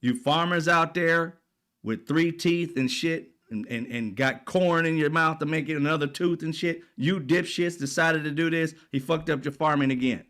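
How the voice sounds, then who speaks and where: A man's voice: fairly high pitch, moderate pace, a bit bright. A man hosting political commentary, ranting in a blunt, profane, exasperated way.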